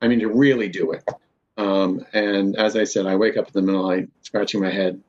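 A man's voice: fairly low pitch, fairly even intonation, brisk, a little mellow. A man, a university professor, talking candidly and with self-deprecating humor in an interview. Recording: dull lo-fi sound.

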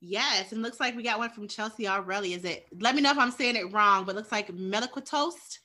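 A woman from Chicago with a bright, clear voice at a middle pitch. She co-hosts a loose chat, talking easily and laughing often. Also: fast. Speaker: co-host. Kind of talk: casual group chat.

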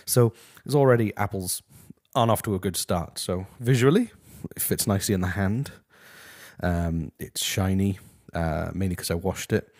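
A man hosting a comedic review from his house, talking deadpan and rambling with lots of ums. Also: sits low, moderate pace, dry recording, clean studio sound. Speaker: host. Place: his house, walking to the kitchen.

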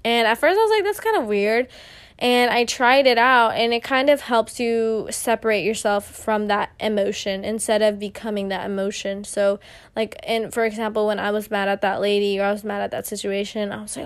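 A woman's voice: medium pitch, fairly even intonation, brisk, clean tone. A young woman hosting a solo podcast, telling a story in a chatty way with lots of fillers and acted-out quotes. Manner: chatty, filler-heavy, acts out quoted exchanges. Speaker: podcast host.

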